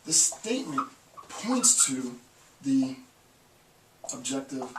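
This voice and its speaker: A man's voice: mid-range voice, very animated, takes it slowly. A man lecturing on philosophy in a conversational style, repeating phrases for emphasis. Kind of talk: informal recorded lecture. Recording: echoey room, mic at a distance, faint hiss.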